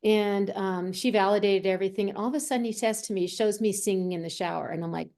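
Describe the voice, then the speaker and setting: Brief: warm, mellow woman; medium and guest, vivid storyteller who acts out quoted voices. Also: mid-range voice, fairly even intonation, fast. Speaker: medium and healer, interview guest. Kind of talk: conversational storytelling.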